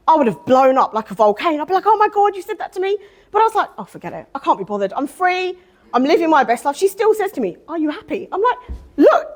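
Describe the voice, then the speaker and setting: A middle-aged woman telling a personal story to an audience, acting out quoted lines with animation. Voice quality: expressive, swings into high animated quotes. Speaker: speaker at a women's day event.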